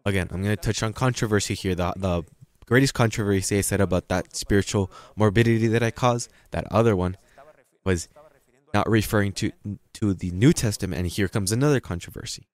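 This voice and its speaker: A man preaching a sermon as pastor, reading scripture slowly and breaking into sudden loud, emphatic passages. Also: lowish voice, dry recording. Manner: reads scripture aloud slowly and stresses it.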